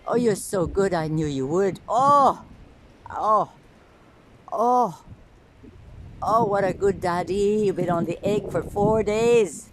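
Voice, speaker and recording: A woman's voice: mid-range voice, slow, pauses often, a little hiss or hum. A woman filming and cooing to her pet birds, gushing with frequent exclamations. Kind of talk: casual talk to camera and to pets.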